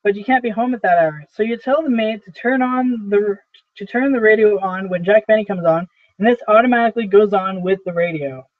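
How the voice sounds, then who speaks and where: A brisk young boss, offhand and dismissive, voiced fairly high by a man reading the play aloud. He chats in a quick, casual way. The audio is thin and phone-like. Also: no echo, close to an everyday voice. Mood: enthusiastic. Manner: chatty, offhand.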